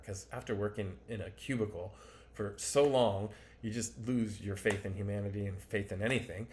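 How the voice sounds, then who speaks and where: A man's voice: on the low side, fairly even intonation, moderate pace, darkish tone. A man telling his own life story to camera in a candid, rambling, self-deprecating way.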